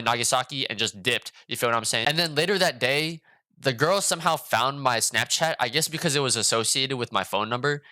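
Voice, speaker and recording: A man tells a casual storytime on his vlog in a slangy, animated delivery that is full of swearing and asides. His voice is bright and forward, and he sits right on the mic in a dry, close sound. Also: medium pitch, dry recording. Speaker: vlogger.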